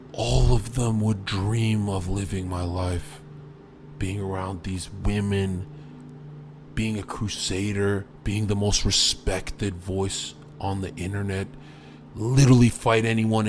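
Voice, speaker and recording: A young man streaming live, boastful and profane, jumping between loud bursts and low mutters. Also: slight background noise. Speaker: livestreamer.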